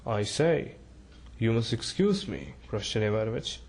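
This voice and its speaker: A man's voice: lowish voice, big pitch swings, a little slow, creaky, a little mellow, heavily acted. A man reading a storybook, voicing a timid, awkward male civil servant who stammers and hesitates. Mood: halting, earnest.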